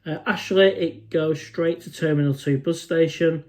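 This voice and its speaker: A man's voice: a little high, steady tone, normal speed, a little mellow. An English man hosting a casual live stream, chatting informally and reading out viewer comments. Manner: chatty, informal, says "mate" often.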